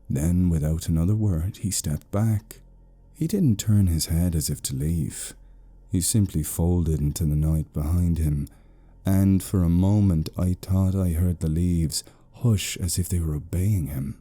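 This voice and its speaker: A British man narrating a horror story slowly, in a hushed tone. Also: deep voice.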